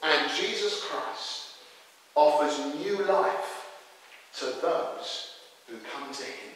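A man with a fairly high voice delivers an emphatic sermon, putting questions to his listeners. He sounds distant from the mic, and his words ring through a large, echoey church hall with a long reverb tail. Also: lively intonation, takes it slowly, fairly bright tone. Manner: emphatic, asks the congregation questions. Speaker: preacher.

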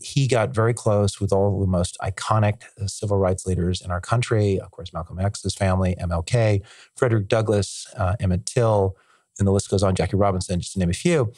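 A man chatting as a podcast guest, excited and rambling, with lots of filler words and restarts. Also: low voice, fairly quick, no echo. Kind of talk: casual conversational interview.

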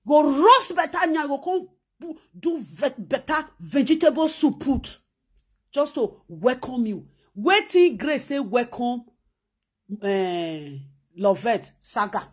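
A woman's voice: sits high, lively intonation, takes it slowly, husky. A woman from Nigeria with a Nigerian Pidgin accent, ranting in a scolding, mocking vlog while she sews. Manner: talks while sewing. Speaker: vlogger.

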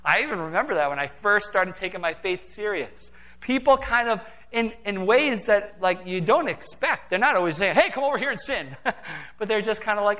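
Man, pastor, animated sermon, acts out voices, fairly high voice, church. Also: brisk. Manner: animated, acts out quoted voices, conversational asides. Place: church sanctuary.

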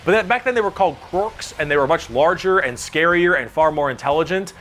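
A man narrating a comedic explainer video, energetic and jokey, swearing freely. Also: fairly high pitch, brisk.

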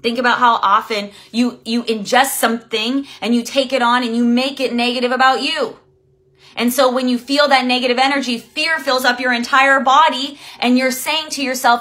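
Woman life coach, bright voice pitched a little high, blunt live-stream talk with plenty of swearing. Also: steady tone, normal speed. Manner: blunt and emphatic, swears freely; greets viewers by name while talking.

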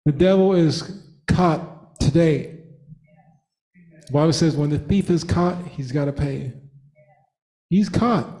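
Male pastor, high voice, slow deliberate fervent preaching in church. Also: dark tone. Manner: fervent preaching, repeating lines and breaking into laughter. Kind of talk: sermon.

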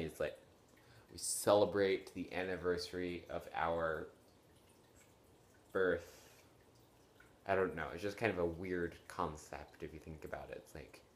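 Young man, late teens, low-pitched voice, tired and yawning, rambling casual vlog chat, lots of ums, apologetic. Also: normal speed, pauses often. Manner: rambling and apologetic, with many fillers and restarts. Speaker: vlogger. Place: bedroom at home.

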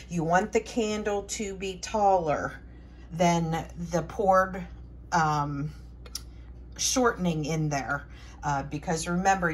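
A woman hosting a home preparedness channel, walking through a hands-on demonstration in a relaxed, chatty way, thinking aloud with fillers and restarts. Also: fairly low pitch, a little hiss or hum. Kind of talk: casual how-to demonstration.

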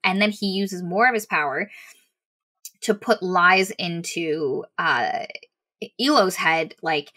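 A woman's voice: fairly low pitch, takes it slowly, pushed and bright, low-quality recording. A woman casually recapping a fantasy novel, animatedly acting out the characters' lines as she goes. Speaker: book reviewer.

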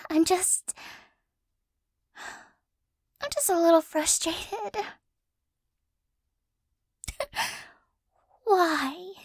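A woman with a very high voice performs a whispered role-play, speaking slowly and softly right up against the microphone. She sounds flustered yet doting, stumbling over her words and sighing often. The sound is dry and close, with no room around it. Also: dry recording. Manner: soft, flustered, doting, with frequent stammers and sighs. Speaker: ASMR creator.

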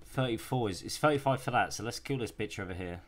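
A man's voice: fairly low pitch, fast talker. A young man giving casual, profane gameplay commentary and taunting the enemies he hunts. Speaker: gaming YouTuber. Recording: music playing behind the voice.

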